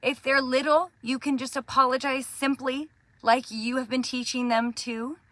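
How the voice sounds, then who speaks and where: A woman in her thirties gives an earnest devotional talk to other mothers, gentle and encouraging in tone. Her voice is bright with some edge to it, recorded close and dry. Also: sits high, little pitch movement, normal speed, dry recording. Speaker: Christian parenting host.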